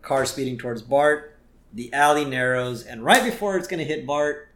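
A man talks casually on a podcast, retelling scenes and quoting characters between bursts of laughter. His voice sits at a middle pitch, and the room around him rings with a noticeable echo. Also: fairly bright tone, a little hiss or hum. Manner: laughs often, quotes lines in a quick voice. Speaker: podcast co-host. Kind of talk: casual chat recapping a cartoon episode. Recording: roomy echo.

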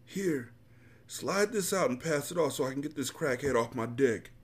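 A man's voice: mid-range voice, animated, normal speed, slightly rough, voice pushed up. Man playing a hard street dealer, pushed-up voice, curt and menacing; audiobook. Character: hard, menacing male drug dealer, young adult.

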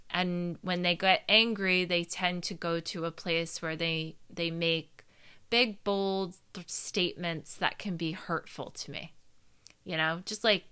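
A woman in her thirties talks straight to the listener in a loose, candid monologue. Her voice sits a little low but sounds bright and forceful. She swears freely and mocks people with quick imitations. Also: smooth. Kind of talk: casual advice monologue.

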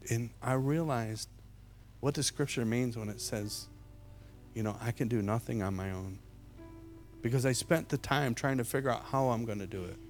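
A middle-aged man preaching a sermon as an evangelist, telling a story with lots of repeated words, jumping from loud to hushed. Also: medium pitch, normal speed, soft background music. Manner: repeats words and restarts often.

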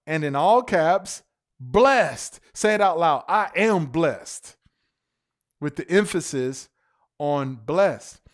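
A man preaching a sermon to his congregation, stretching key words for emphasis, spelling them out letter by letter and calling out to the church. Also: high-pitched. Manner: emphatic, drawn-out stresses on single words; calls out to the congregation.

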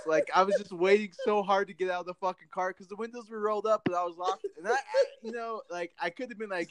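A man's voice: high voice, expressive, fast, fairly bright tone, clear, resonant tone, dry recording. A man co-hosting a podcast, telling casual stories full of swearing and "dude". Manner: profane, laid-back storytelling with lots of "dude". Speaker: podcast co-host.

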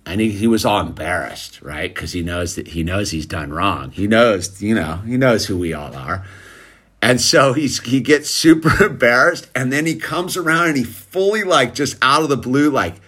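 A man's voice: fairly low pitch, expressive, moderate pace, bright, forceful tone, husky. A man casually telling a story about his son to camera, rambling and peppering it with "dude" and "like". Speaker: father telling a family story.

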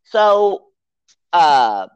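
Rambling, animated movie podcast host. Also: medium pitch, very slow, smooth, dry recording. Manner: rambling, animated, acts out character quotes. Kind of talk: casual movie review chat.

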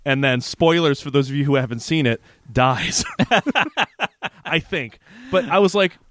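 A man co-hosting a podcast, casually recapping a TV episode in an animated way, laughing and acting out scenes. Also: fairly high pitch, unhurried, no echo. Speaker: podcast co-host.

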